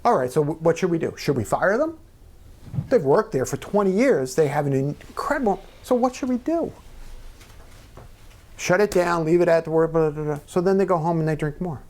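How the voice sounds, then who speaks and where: With a slightly high, slightly mellow voice and lively intonation, a middle-aged man speaks a little fast as a guest in a small members' club event room. He tells personal stories sincerely in an onstage conversation, sometimes falling to a near-whisper.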